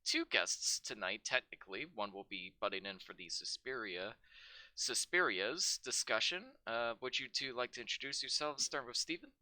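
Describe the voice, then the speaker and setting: A man from Canada hosting a casual film podcast, playful and lively, swearing freely. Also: medium pitch, normal speed, no room sound. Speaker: podcast host.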